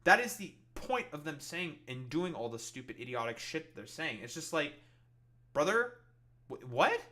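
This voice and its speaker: A man's voice: fairly high pitch, big pitch swings, moderate pace, bright, forceful tone. A man hosting a casual reaction show, mocking a video in a profane rant. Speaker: podcast host reacting to videos.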